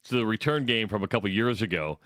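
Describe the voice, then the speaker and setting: A man's voice: on the low side, expressive, fast talker, fairly bright tone, no echo. Middle-aged Midwestern male radio co-host, rambling storyteller, close dry studio mic. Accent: American Midwest. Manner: rambling, self-correcting storyteller. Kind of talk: casual sports talk.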